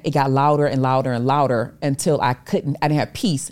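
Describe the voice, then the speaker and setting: A woman's voice: extremely low pitch, fairly quick, a little mellow. A middle-aged woman, a podcast guest, telling a personal story animatedly and acting out the voices she quotes. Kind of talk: storytelling interview talk.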